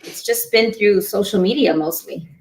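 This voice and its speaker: A woman's voice: mid-range voice, normal speed, reverberant, rough recording. A woman company founder chatting as a guest on a live-stream interview show, in a friendly, chatty way. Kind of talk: casual interview.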